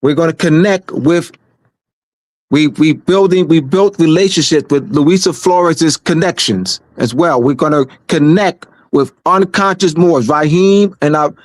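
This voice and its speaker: A man's voice: on the high side, measured pace, no room sound. A man speaking on a community livestream in a casual, emphatic way, repeating phrases for stress.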